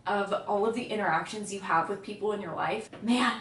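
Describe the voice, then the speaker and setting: A woman's voice: mid-range voice, fairly quick, fairly bright tone, roomy sound, recorded from a distance, slight background noise. A woman giving an emotional, chatty book review in a casual vlog.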